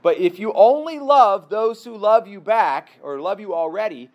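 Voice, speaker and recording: A man's voice: high voice, animated, moderate pace, muffled recording. A man giving a sermon in an earnest, conversational way, asking his listeners rhetorical questions. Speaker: pastor.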